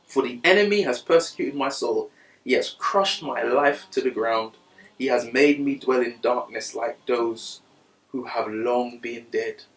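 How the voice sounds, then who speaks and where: A man preaching a sermon, reading scripture quietly and then rising to loud, high-pitched bursts of passion. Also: unhurried, roomy sound, far from the mic, rough recording.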